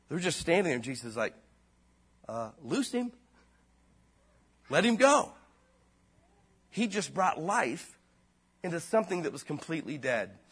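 A pastor preaching a sermon in a casual, slangy way, his voice dropping low and then rising loud. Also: slightly rough.

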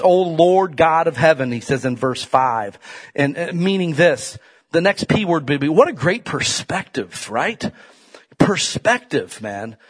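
A middle-aged male pastor preaching a folksy sermon, dropping to quiet asides and rising to loud, emphatic peaks. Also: fairly high pitch.

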